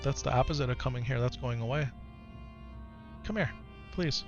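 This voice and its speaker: A man streaming live who talks softly and coaxingly with his young son, then reads and answers his chat in casual talk. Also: medium pitch, normal speed, highs cut off. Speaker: streamer and father. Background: game music.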